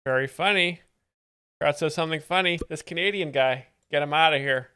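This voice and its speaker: A man hosting a live stream, commenting on comedy clips in a deadpan, sarcastic manner. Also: on the high side, brisk, slight background noise. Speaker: stream host explaining jokes.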